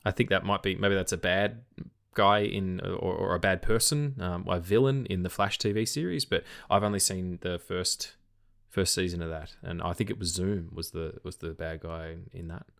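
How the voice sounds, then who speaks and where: Tired Australian man, low-voiced. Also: steady tone, moderate pace, vocal fry, a bit bright. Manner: rambling, repeats words, swears casually. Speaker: podcast co-host. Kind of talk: casual film podcast chat.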